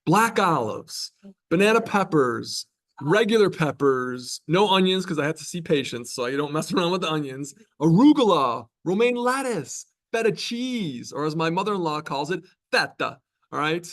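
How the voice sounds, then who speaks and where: Chatty lecturing man, slightly high voice. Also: expressive, moderate pace. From New York. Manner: conversational, chatty, with frequent tag questions. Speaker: college biology lecturer. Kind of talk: classroom lecture. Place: classroom.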